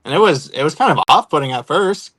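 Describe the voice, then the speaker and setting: A man's voice: a little high, lively intonation, fast, fairly bright tone. A man from Oregon, a guest on a podcast, talking in an easygoing, laid-back casual chat. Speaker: guest, content creator.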